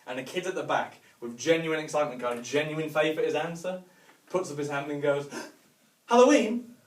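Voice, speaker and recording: A man's voice: a little high, steady tone, brisk. A man doing a rambling, self-mocking stand-up set with lots of fillers, in a hotel venue room. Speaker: stand-up comedian. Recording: echoey room mic from a distance.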